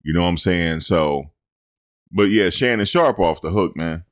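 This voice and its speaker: Deep-voiced man doing casual sports talk. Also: expressive, moderate pace, no room sound, studio quality. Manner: conversational, repeats himself. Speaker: sports show host.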